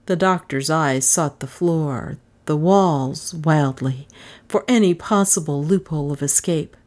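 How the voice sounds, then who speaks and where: A woman reading a novel aloud in measured, dramatic narration. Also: deep voice, darkish tone. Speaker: audiobook narrator. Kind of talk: scripted narration.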